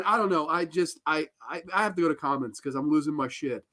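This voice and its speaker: A man's voice: on the high side, fast, few pauses, sharp tone. A man hosts a live horror review stream and rants about a film he hates. He swears freely, sounds exasperated, and stumbles through restarts and fillers. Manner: ranting, profane, exasperated. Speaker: host.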